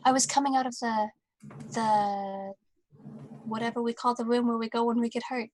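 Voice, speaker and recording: A woman's voice: a little high, little pitch movement, normal speed, darkish tone. A woman playing in a tabletop game, speaking hesitantly with stammers. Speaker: player. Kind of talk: tabletop role-play.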